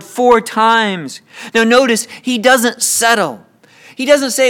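A man's voice: very high voice, slow pace, fairly bright tone, clean tone. A man preaching a sermon with passion, often repeating words as he builds a point.

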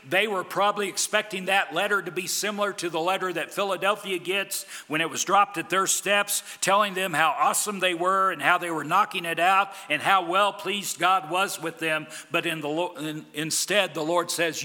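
A man preaching a sermon as a pastor, emphatic, with big swings from loud declarations to quiet, low lines. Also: normal speed, hardly any pauses, big-room sound.

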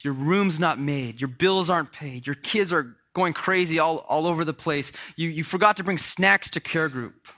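A man preaching a sermon as pastor, dropping to a hush and then rising loud and animated. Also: a little high, moderate pace, few pauses, dull audio. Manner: swings from hushed to loud and animated.

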